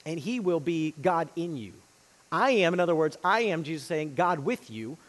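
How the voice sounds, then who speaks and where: A man preaching a sermon, swinging between loud emphasis and hushed, quiet lines. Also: a little high, animated, moderate pace, big-room sound. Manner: dynamic delivery, swinging from loud emphasis to hushed near-whispers. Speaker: pastor.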